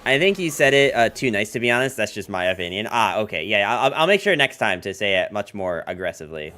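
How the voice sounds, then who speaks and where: Fast, very animated and bright with a pushed edge, this man's lowish voice carries a card-game livestream. His talk with viewers is casual and rambling, packed with fillers like "um" and "like," and he keeps throwing joking asides to chat.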